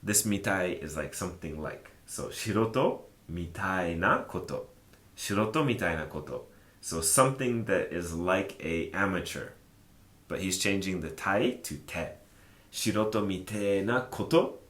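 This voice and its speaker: A man teaching a language lesson in a relaxed, chatty way, thinking aloud with plenty of fillers. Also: low voice, unhurried, echoey room. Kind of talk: casual explanatory lesson.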